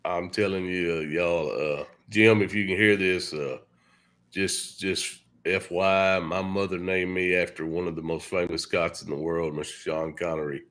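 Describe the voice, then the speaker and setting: Low-voiced man telling a loose story. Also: fairly even intonation, a little slow, a bit bright. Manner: loose and rambling, with many fillers. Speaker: guest musician and new co-host. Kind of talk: casual storytelling on a live stream.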